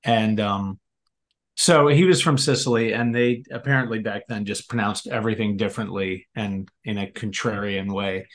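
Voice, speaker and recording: Man, lowish pitch, relaxed storytelling guest. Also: normal speed. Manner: easygoing storyteller. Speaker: podcast guest. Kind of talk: casual chat.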